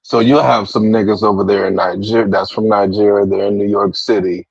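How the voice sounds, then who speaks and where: A man's voice: lowish voice, steady tone, brisk, gravelly, slightly rough, no echo. A man arguing his point bluntly in a casual debate, with frequent profanity. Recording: dull lo-fi dry sound.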